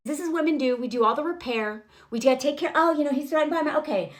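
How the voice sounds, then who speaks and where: A woman's voice: high voice, fast, few pauses. A woman vlogger recapping a film with blunt sarcasm, laughing often and swearing freely.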